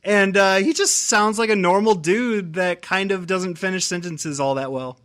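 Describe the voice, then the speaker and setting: A man co-hosting a fiction podcast, loose and rambling with frequent giggles. His voice sits high for a man. It sounds bright and lively. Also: moderate pace. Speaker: podcast co-host reading fiction. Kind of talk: casual chat and story reading.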